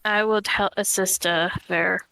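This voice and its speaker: A woman's voice: mid-range voice, steady tone, unhurried, creaky, bright, forceful tone, clean tone, dry recording, low-quality recording. A woman playing a tabletop game who speaks firmly and directly in character. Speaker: player. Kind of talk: casual tabletop roleplay.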